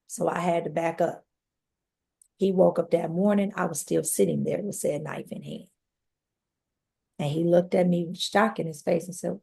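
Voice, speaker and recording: Woman with a gravelly voice, telling her story. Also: lowish voice, fairly even intonation, moderate pace, long pauses, dark tone. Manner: earnest, addresses listeners directly. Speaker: podcast guest. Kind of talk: personal testimony storytelling.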